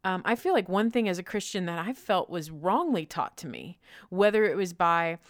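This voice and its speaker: Low-voiced reflective woman host. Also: animated, dry recording, clean studio sound. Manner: reflective, rapid repeated lists. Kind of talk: conversational podcast talk.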